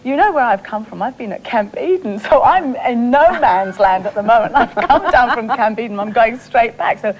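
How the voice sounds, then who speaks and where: Effusive theatrical actress. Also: female voice, on the high side, expressive, normal speed, few pauses, lo-fi sound, a little hiss or hum. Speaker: stage actress, guest. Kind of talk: talk-show chat.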